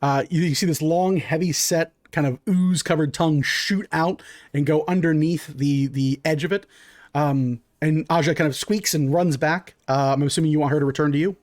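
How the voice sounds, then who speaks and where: A man narrating a tabletop game as game master in a relaxed, filler-heavy way. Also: on the high side, moderate pace, no room sound, studio quality.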